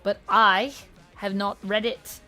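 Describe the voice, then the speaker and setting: A woman's voice: mid-range voice, level tone, takes it slowly, pushed and bright, soft background music. A woman hosting a casual livestream, chatting and answering viewers' messages aloud. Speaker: livestream host.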